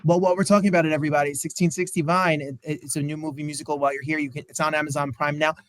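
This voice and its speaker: A man's voice: on the high side, little pitch movement, rapid-fire, fairly bright tone, no echo. A man hosting an interview, upbeat and enthusiastic, questioning his guests. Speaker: host.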